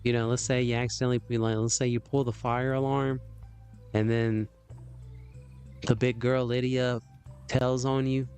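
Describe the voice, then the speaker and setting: A man's voice: medium pitch, flat delivery, normal speed, long pauses, darkish tone, soft background music. A man hosting a livestream, chatting casually, rambling with lots of fillers and laughs. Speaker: livestream host.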